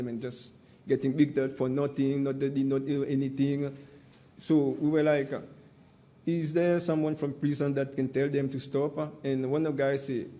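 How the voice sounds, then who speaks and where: A man's voice: medium pitch, dark tone. A man giving emphatic, impassioned testimony at an inquiry and repeatedly addressing the panel as "my friend". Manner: emphatic and repetitive, often says "my friend".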